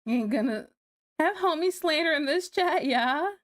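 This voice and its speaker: A woman's voice: high voice, animated, moderate pace, fairly bright tone, no echo, clean studio sound. A woman livestreaming and chatting casually with her viewers, talking in a scattered way and laughing often.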